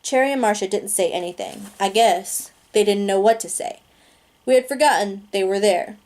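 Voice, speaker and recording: A woman reading a novel aloud in a steady, plain narration, with small slips and restarts along the way. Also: medium pitch, normal speed. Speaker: reader.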